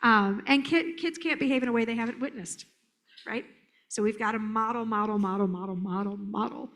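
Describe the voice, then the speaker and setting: A woman giving a live conference talk as a therapist, animated and joking, slipping into silly voices. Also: fairly high pitch, a little fast.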